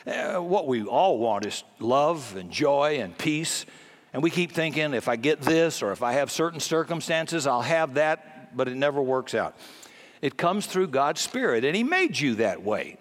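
A man preaching a sermon, emphatic and folksy, with loud peaks on key points and casual asides. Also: a little high. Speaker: pastor.

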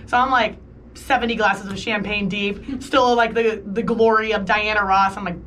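A woman's voice: medium pitch, moderate pace, far from the mic, slight background noise. A woman in her thirties co-hosting a casual chat, telling a story with lots of "like" and acting out the voices of the people in it. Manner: animated, acts out quoted voices, lots of "like". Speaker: podcast co-host.

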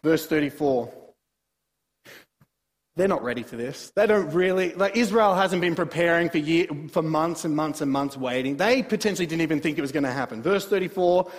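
A man preaching a verse-by-verse sermon, his fairly high voice swinging from quiet asides to emphatic bursts. The sound carries a long reverb, as in a large church hall. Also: moderate pace. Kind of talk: sermon, Bible exposition.

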